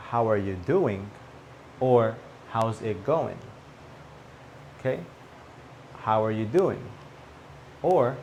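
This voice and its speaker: A man teaching a spoken English lesson, repeating example phrases clearly and checking in with "okay?". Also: medium pitch, a little mellow, slight background noise.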